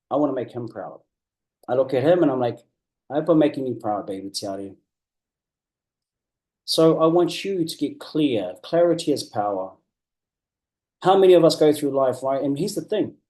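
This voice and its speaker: Brief: New man, business coach, slightly high mellow voice, earnest and emphatic. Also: lively intonation. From New Zealand. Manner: earnest and emphatic, repeats key phrases, slows down to stress points. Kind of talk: motivational coaching talk.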